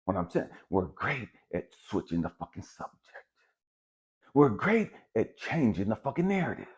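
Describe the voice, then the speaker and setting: Blunt, profane motivational speaker, husky. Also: male voice, on the low side, very animated, moderate pace. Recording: dull lo-fi recording.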